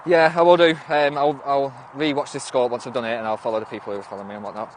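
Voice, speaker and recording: A man's voice: medium pitch, steady tone, quick pace, few pauses, a little hiss or hum. Rambling northern English man streaming. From Northwest England. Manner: rambling, restarts often, swears and snaps back at commenters. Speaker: livestream host. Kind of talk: casual livestream chat, reading and answering viewer comments.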